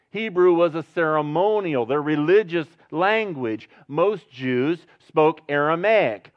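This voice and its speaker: A man preaching a sermon in a conversational style, breaking into loud emphatic bursts and chatty asides. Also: fairly high pitch, dull audio. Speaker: pastor.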